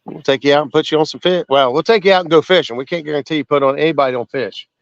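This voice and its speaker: A man's voice: fairly high pitch, rapid-fire, no room sound, muffled recording. A man hosting a fishing channel, chatting in an easygoing, folksy and hospitable way. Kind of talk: casual chat on a fishing livestream.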